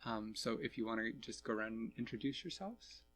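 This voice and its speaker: A man's voice: on the low side, a little fast, fairly bright tone, soft background music. A man hosting a family podcast, talking casually and a little hesitantly with his children. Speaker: podcast host and parent.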